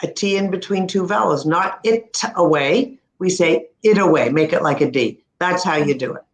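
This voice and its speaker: Instructive Canadian woman in an echoey room. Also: lowish voice. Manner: crisp, instructive, demonstrates words slowly. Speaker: speech-language pathologist. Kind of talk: teaching pronunciation in conversation.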